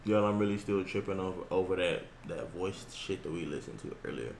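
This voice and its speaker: A man's voice: low-pitched, a little fast, gravelly, roomy sound, a little hiss or hum. A man co-hosting a podcast in casual reaction chat, laid-back and slangy, swearing often. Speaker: podcast co-host.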